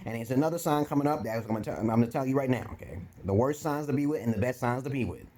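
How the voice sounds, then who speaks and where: Chewing gum at home, a Brooklyn vlogger with a New York accent rambles through blunt, profane dating talk. His mid-range voice is a little mellow, and he races along.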